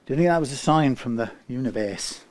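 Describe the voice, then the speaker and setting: Mellow man rambling aloud while working. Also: medium pitch, expressive, brisk. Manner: rambling, thinking aloud, trails into quiet muttering. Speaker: guitar technician. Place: guitar workshop.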